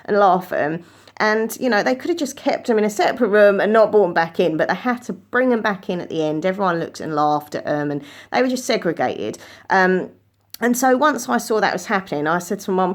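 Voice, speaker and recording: A woman tells a personal story straight to the camera, earnest and chatty. Her voice sits at an ordinary middle pitch and leaps upward whenever she acts out what she said or thought. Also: animated, a little fast. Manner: earnest, chatty, rises in pitch when quoting herself.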